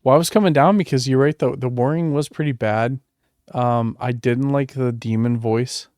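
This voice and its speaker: A man's voice: mid-range voice, normal speed, a little mellow, no room sound, clean studio sound. A man co-hosting a casual movie review podcast, talking hesitantly with many fillers and restarts. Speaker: podcast co-host.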